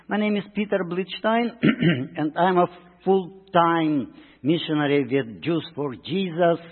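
Russian-accented man, halting church talk, lively pitch, slow and husky, tinny line with long hall echo. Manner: halting, many ums and uhs, broken English. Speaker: missionary guest speaker. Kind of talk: church presentation. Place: church sanctuary. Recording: tinny, reverberant church recording.

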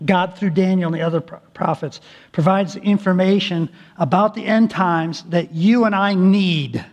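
A male pastor preaching a sermon, earnest and emphatic, stretching key words slowly and restarting phrases often. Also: sits high, dull audio.

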